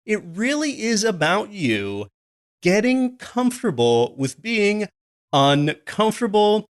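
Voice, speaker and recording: A man's voice: high-pitched, very animated, slow pace. A man hosting a podcast, interviewing a guest and then talking to listeners in an earnest, recommending way. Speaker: podcast host.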